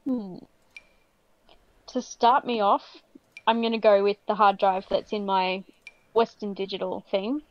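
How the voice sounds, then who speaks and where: A woman's voice: medium pitch, steady tone, unhurried, pauses often, dry recording. A woman co-hosting a stream, chatting casually and giggling often, on slightly dull lo-fi audio. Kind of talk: casual chat.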